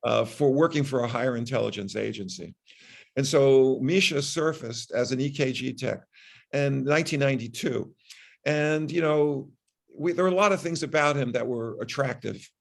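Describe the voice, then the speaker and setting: Older man with a gravelly voice. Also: medium pitch. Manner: measured, frequent restarts. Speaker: guest, physician. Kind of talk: interview storytelling.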